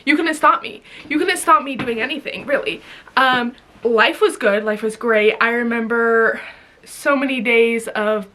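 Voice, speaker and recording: A woman's voice: a little high, a little slow, bright, forceful tone. A young woman vlogging in a rambling, giggly casual chat, full of fillers.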